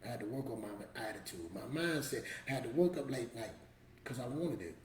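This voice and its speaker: A man's voice: medium pitch, expressive, brisk, echoey room, slight background noise. A man giving a motivational talk to camera in a preachy, emphatic, street-casual storytelling manner. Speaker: motivational vlogger.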